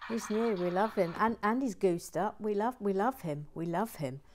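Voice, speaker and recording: A woman's voice: medium pitch, animated, moderate pace, a little hiss or hum. A woman chatting casually as she builds toys, with wry, playful remarks and frequent whispered asides. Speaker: host. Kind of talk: casual narration of a toy build.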